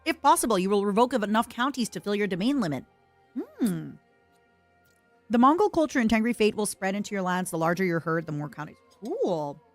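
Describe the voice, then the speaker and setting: A young woman chats and reads on-screen text into a close microphone while she streams a strategy game. Her voice leaps up and down with lively, playful swings, and the sound is dry with no room around it. A little music plays softly underneath. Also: mid-range voice, a little fast, dry recording. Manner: eats and talks with mouth full, reads game text aloud. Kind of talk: casual gameplay commentary.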